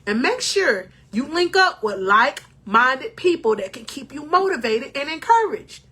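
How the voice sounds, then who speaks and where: Bright high-voiced woman life coach. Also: big pitch swings, measured pace. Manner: emotional, preachy, addresses viewers as king or queen. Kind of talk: motivational talk to camera.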